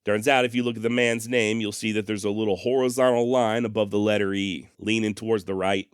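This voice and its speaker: A man's voice: lowish voice, fairly even intonation, fairly quick, clean tone, dry recording, clean studio sound. A man hosting a history podcast, telling the story in a wry, folksy way and often mocking himself. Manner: wry, sarcastic, self-mocking; folksy turns of phrase.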